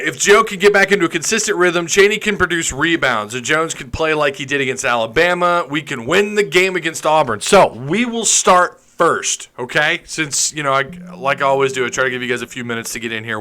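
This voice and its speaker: A man's voice: mid-range voice, pushed and bright. A man hosting a live stream, chatting casually, reading comments and joking sarcastically.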